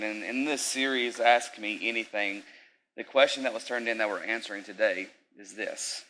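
A man's voice: lowish voice, normal speed, a bit bright, low-quality recording. A young man giving a casual, talkative sermon, full of fillers and asides to the audience.

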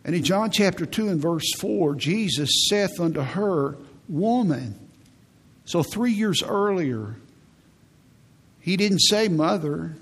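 A male pastor delivers a sermon in an emphatic, repetitive style. His voice sits a little high and has a husky edge. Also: lively intonation, takes it slowly, fairly bright tone. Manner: emphatic, repeats phrases for stress.

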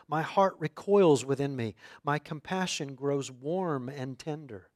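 Male pastor preaching, slightly high voice, dry close mic, reads scripture and builds through quoted questions. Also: unhurried, few pauses, a little mellow, no echo. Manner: reads scripture then preaches, voicing biblical questions with rising intensity. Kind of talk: sermon with scripture reading.

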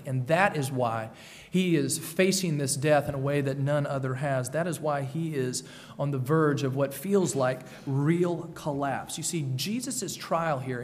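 Earnest man preaching in a reverberant hall. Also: fairly high pitch. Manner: earnest preaching, repeats phrases for emphasis. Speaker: pastor. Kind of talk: sermon.

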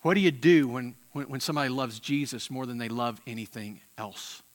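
A man preaching a sermon with passion, swinging from loud emphatic peaks to quiet, intense moments and often repeating words as he restarts phrases. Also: mid-range voice, a little fast. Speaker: pastor.

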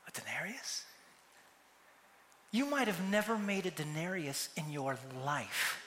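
High, bright-voiced preacher. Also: male voice, animated, normal speed, a little hiss or hum. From United States. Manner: storytelling, acting out the characters' lines. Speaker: pastor. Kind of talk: sermon. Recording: echoey hall with long reverb.

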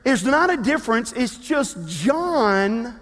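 A man preaching a sermon as a pastor, telling a story in a lively way with humorous asides. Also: extremely high pitch, slow. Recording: long reverb of a large hall.

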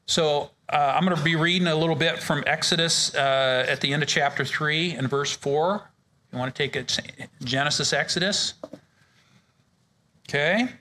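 A man's voice: on the high side, moderate pace, bright, forceful tone. A man leading a men's ministry Bible study in a casual, joking way, often restarting his sentences. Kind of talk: informal Bible study teaching.

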